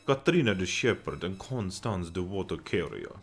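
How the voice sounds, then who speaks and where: A man's voice: low-pitched, very animated, normal speed, vocal fry, faint music behind, heavily acted. A man voicing a leering male innkeeper in a mock Russian accent, with old-fashioned formal speech. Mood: gruff.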